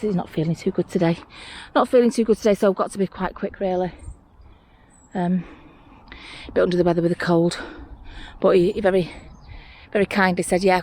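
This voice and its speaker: A woman, giving a casual running commentary outdoors on a hillside, chatty and easily excited by small finds. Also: lowish voice. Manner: chatty, excitable over small finds, talks to herself and the viewer. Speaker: mudlarking vlogger. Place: outdoors on a hillside rubbish tip.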